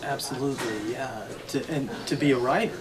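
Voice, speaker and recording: Brief: male interview host, halting phrasing, clear chatter of a crowd behind him. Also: medium pitch, poor audio. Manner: halting, many fillers and restarts. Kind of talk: interview conversation.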